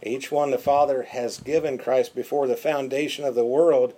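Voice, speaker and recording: A man preaching a sermon, emphatic and repeating words for stress, dropping to quiet, drawn-out phrases. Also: mid-range voice, steady tone.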